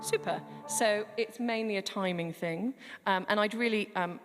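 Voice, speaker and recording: A woman's voice: mid-range voice, moderate pace. A woman leading a choir rehearsal in a large church, chatty, encouraging and self-deprecating. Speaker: choir director. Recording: long church reverb, faint music.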